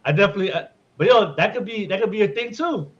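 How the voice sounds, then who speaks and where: A man's voice: sits high, animated, fast, lo-fi sound. A man hosting a podcast in loose, joking casual chat, swearing freely. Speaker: podcast host.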